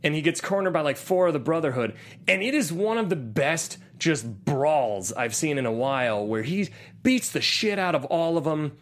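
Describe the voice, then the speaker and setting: Animated man recapping a movie. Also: normal speed. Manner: animated, drops into low gruff voices for quotes. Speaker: podcast co-host. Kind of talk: casual movie recap chat.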